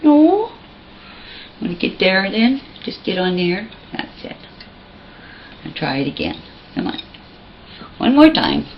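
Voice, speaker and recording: A woman coaxes and praises her pet in cooing baby talk while filming on a handheld camcorder. Her voice sits low and moves slowly, but it swings widely and often leaps high. There is faint background noise in the room. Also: huge pitch swings, highs cut off. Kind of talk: home video chat with a pet.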